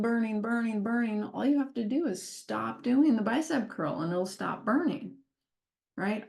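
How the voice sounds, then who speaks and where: A woman speaker at a wellness masterclass, telling a personal story in an expressive way and laughing often as she goes. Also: a little high, vocal fry. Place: talk or masterclass session.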